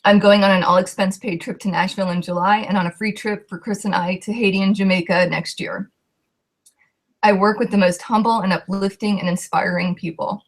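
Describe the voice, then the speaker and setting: A woman's voice: medium pitch, fairly even intonation, a little fast. Emotional young woman sharing her story. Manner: heartfelt, voice shaking with emotion. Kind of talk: emotional personal testimony.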